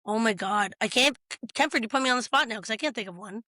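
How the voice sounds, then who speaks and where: A young woman chats as a podcast guest, her voice high and a little smoky. She talks fast and animatedly, swears freely and jumps into quoted asides. The sound is close and dry. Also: pushed and bright, dry recording. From Yonkers, New York. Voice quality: smoky, raspy. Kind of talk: casual chat.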